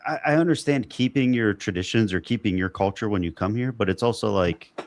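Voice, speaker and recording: A man's voice: fairly low pitch, a little fast, dry recording. A man hosting a casual roundtable podcast, who rambles through stories and laughs often. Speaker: podcast host.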